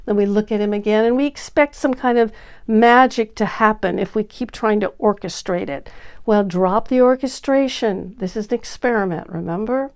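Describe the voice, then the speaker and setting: Talking to the camera at a moderate pace, an energetic woman coaches viewers on dating. Because she acts out examples along the way, her clean-toned voice swings widely in volume and pitch.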